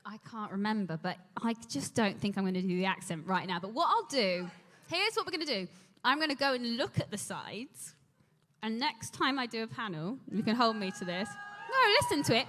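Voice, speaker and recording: Animated woman telling stories in a hall. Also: a little high, brisk. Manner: animated, rambling, laughs often. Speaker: actress on a convention panel. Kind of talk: anecdotal panel storytelling. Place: large convention hall. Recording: echoey convention hall.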